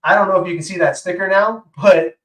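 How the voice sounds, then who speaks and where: Upbeat guy showing stuff off, kinda high voice, a bit away from the mic in a roomy space. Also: steady tone, fast, fairly bright tone. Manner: chatty, enthusiastic, lots of fillers. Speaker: co-host. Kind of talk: casual show-and-tell demo. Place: indoor workshop room. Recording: roomy echo, far from mic.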